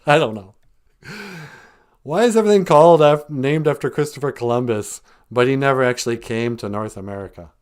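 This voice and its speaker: A man's voice: mid-range voice, fairly quick, a little mellow, smooth. An older man hosting a podcast, joking sarcastically and laughing often as he talks. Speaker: podcast host. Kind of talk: comedic casual chat.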